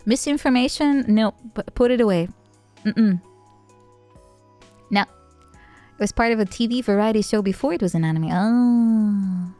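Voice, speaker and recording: A woman VTuber chatting casually on stream, playful and giggly, with sudden bursts of excitement. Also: medium pitch, a little slow, long pauses, soft background music.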